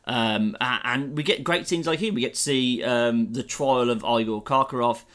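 A man's voice: medium pitch, moderate pace, fairly bright tone. A British man co-hosting a casual film review chat, joking and laughing often. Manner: jokey, laughs often, puts on silly voices. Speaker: podcast co-host.

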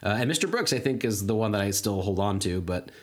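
A man's voice: on the low side, lively intonation, fast, a little hiss or hum. Podcast co-host, man, 30s: loose rambling casual chat, full of fillers. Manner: rambling, many fillers and restarts.

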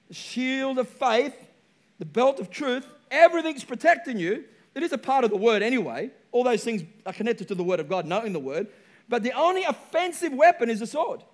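High-voiced emphatic male pastor. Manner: emphatic, repeats key phrases. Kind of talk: sermon.

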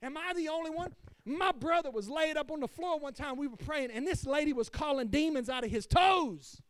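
Man, pastor, sermon, very high voice, dry sound, impassioned call-and-response. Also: fairly quick, a bit bright, dry recording.

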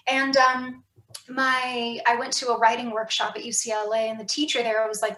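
Woman, author guest, candid and reflective, slightly high pitch, echoey room. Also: level tone, moderate pace, bright, forceful tone. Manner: candid, reflective, many fillers and restarts. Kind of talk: casual podcast conversation.

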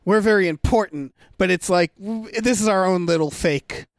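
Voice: mid-range voice, normal speed, no echo. Dry, close-sounding film podcast co-host. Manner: rambling, many fillers and restarts. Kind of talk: casual chat reviewing a film.

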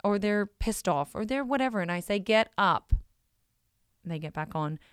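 A woman's voice: mid-range voice, animated, brisk, clear, resonant tone, dry recording, studio quality. A woman, a parent of school-age kids, talking in a blunt, emphatic, casual monologue and swearing freely. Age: adult parent of school-age kids.

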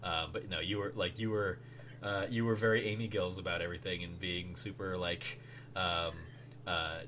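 A man hosting a casual podcast, talking in a halting way with many restarts. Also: low voice, fairly even intonation, pushed and bright, slight background noise. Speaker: host.

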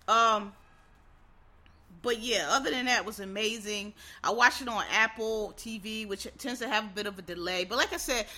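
A woman's voice: mid-range voice, moderate pace, sharp tone. A woman in a casual, exasperated rant, full of swearing and rhetorical questions.

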